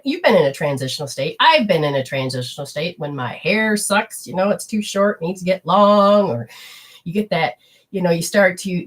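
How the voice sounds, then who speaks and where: A woman spiritual teacher giving a chatty, animated live-streamed talk to viewers, acting out little quotes and swearing casually. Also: medium pitch, husky.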